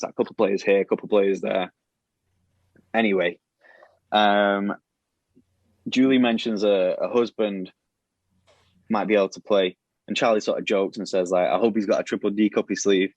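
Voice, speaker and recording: This podcast host pitches a show plot in a low, husky voice, rambling with many restarts and fillers and acting out quoted lines. It's casual storytelling, captured on a dull, lo-fi, dry recording.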